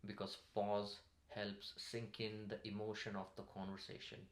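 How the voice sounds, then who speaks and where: A man coaching English speaking skills in a calm, measured tutorial to camera. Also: lowish voice. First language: Marathi. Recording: roomy echo.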